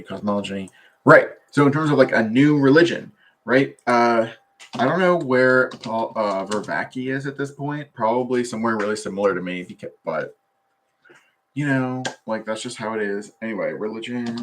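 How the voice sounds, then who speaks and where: A man with a somewhat low voice talks in a loose, wandering way on a solo stream, full of fillers and half-finished thoughts. He speaks from his desk at a computer. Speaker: vlogger. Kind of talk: rambling solo livestream talk.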